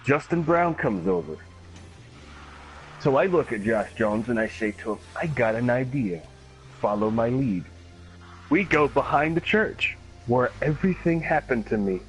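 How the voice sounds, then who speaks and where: A man streaming a game, telling a long story in a casual, animated way, acting out other people's voices and swearing often. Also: medium pitch, unhurried, soft background music, poor audio. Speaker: gaming streamer. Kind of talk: casual storytelling while gaming.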